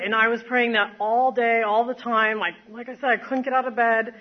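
A woman's voice: a little high, steady tone, normal speed, hardly any pauses, dull audio. A woman telling her recovery story to a group, rambling with many fillers and self-mocking laughs. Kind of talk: personal testimony to a group. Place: standing before an audience.

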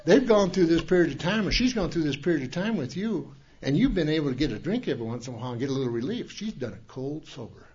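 Man playing a gruff, no-nonsense old sponsor, muffled lo-fi sound. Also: a little high, expressive, fast talker, darkish tone, a little hiss or hum, lightly acted. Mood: blunt. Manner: blunt, scolding.

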